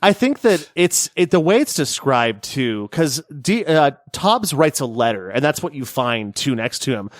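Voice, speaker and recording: A man co-hosting a gaming podcast in casual chat, talking in an animated way and laughing easily. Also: medium pitch, unhurried, hardly any pauses, no echo, clean studio sound. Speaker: podcast co-host.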